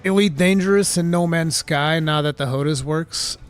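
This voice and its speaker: A man hosting a live gaming talk stream, reading chat questions and chatting casually in an animated, rambling way. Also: a little high, normal speed, clean tone, soft background music. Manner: animated, excitable, rambling with restarts.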